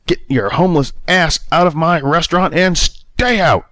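A man's voice: a little high, moderate pace, sharp tone, no echo, clean studio sound, voice pushed up. A man voicing a mean male bakery manager who screams and scorns. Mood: furious.

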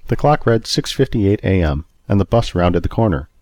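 A man reads a story aloud in a steady, even manner. His voice sits low, and the recording is dry and close. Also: moderate pace, no echo. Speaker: narrator. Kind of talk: storybook narration.

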